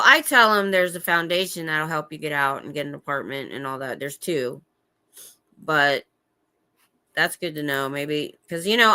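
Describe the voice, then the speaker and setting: Middle-aged lady livestreaming from home, low voice with a bright edge, chatty, keeps restarting sentences. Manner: chatty, trails off and restarts, answers chat comments. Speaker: livestream host. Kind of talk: rambling casual livestream chat. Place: at home indoors.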